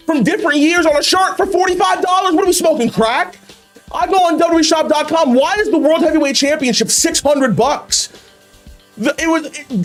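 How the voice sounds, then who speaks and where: A man hosting a video, ranting about wrestling in an exasperated, profane way with heavy swearing. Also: very high voice. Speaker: YouTube host reacting to wrestling memes. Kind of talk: ranting commentary.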